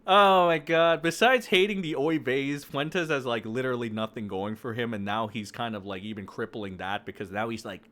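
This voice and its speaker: Young guy ranting into a desk mic, swearing a lot, middle-pitched voice, mocking and aggressive. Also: moderate pace, few pauses, fairly bright tone. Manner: profane, aggressive, mocking rant. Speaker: online commentator. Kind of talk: ranting commentary. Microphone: desk mic, no camera.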